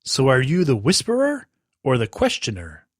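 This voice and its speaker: A clever young boy hero who argues and protests with quick wit, as a male storyteller voices him. The voice stays dry and close, with lively ups and downs. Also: medium pitch, no echo.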